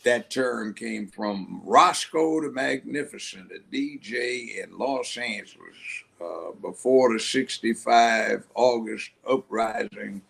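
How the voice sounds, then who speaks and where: Gravelly older man telling stories. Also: on the low side, slow pace. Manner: animated storyteller who acts out voices. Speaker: guest. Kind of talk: storytelling interview.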